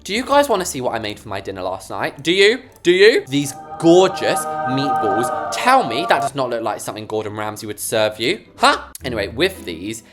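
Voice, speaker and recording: A woman's voice: a bass voice, big pitch swings, normal speed, few pauses, over loud music. A young English woman chatting casually to viewers as she builds in a game, playful and talkative. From England. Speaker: gaming creator. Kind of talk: casual gameplay commentary.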